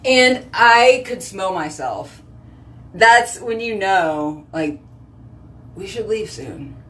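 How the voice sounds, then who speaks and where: A woman's voice: medium pitch, expressive, takes it slowly, bright, forceful tone. A woman, chatting casually in a vlog, sassy and joking as she rambles. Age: 30s. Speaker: vlogger.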